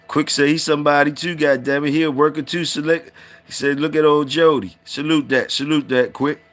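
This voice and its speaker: A man's voice: fairly high pitch, fairly even intonation, a little fast, a bit bright, soft background music. A man hosting a casual livestream, reading out viewer comments and saluting people in a loose, repetitive drawl.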